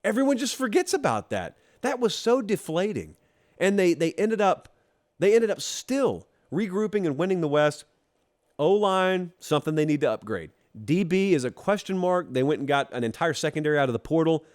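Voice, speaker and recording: A man from Georgia hosting a college football show, talking straight to the fans in a teasing, animated monologue. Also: sits high, moderate pace. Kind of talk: casual opinion monologue.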